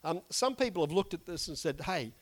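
A man's voice: on the high side, animated, fairly quick. A man preaching a conversational, earnest sermon while losing his voice. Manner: earnest, conversational preaching with frequent "you know". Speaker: pastor.

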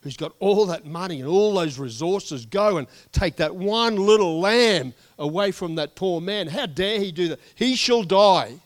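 A smug, scheming ancient king, put on by a preacher in a raised, gleeful voice. He sounds loud and pleased with himself, and he speaks well above a man's usual pitch. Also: very animated, normal speed, no echo. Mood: outraged.

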